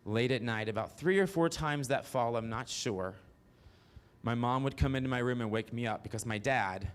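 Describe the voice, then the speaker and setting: With a clear, resonant mid-range voice at a moderate pace, a Mississippian in his forties performs autobiographical stand-up solo. He speaks bluntly and profanely, breaking off for asides to the audience.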